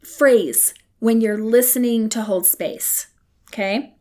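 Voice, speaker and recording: Female podcast host, slightly high voice, casual teaching, candid with cheeky asides. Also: slow pace, mellow. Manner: candid and conversational, with playful asides.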